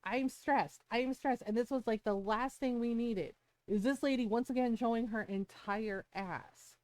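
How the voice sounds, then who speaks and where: A woman streamer in casual chat, her voice sitting a little high. She rambles and swears freely, tossing in "like" and "right?" as she goes, and the sound is close and dry with no room echo. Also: measured pace, darkish tone. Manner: rambling, profane, with frequent "like" and "right?".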